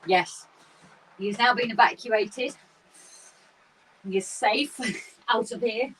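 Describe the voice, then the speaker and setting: A woman co-hosting a casual livestream from a garden shed, talking excitedly and laughing often. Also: on the high side, slow pace, breathy edge. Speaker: livestream co-host. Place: garden shed with model railway. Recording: slightly distant mic with faint room noise.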